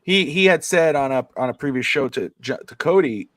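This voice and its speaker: A man co-hosting a casual sports talk stream, recounting events with excitement and plenty of fillers. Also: mid-range voice, fairly quick, no echo. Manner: excited storyteller, many fillers. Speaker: sports talk show co-host.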